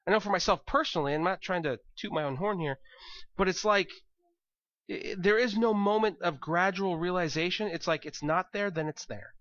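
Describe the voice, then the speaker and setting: Bright-voiced man preaching a sermon. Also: high voice, a little fast, no room sound, dull audio. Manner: conversational, repeats words as he thinks. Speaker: pastor.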